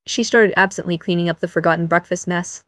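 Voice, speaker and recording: A woman narrating a novel as an audiobook in an even storytelling manner. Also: fairly low pitch, fast talker, dry recording, studio quality.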